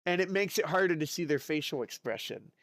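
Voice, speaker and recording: A man streaming live, chatting casually and reacting excitedly to chat messages. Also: a little high, brisk, no echo, studio quality. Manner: chatty, excitable, lots of fillers and exclamations.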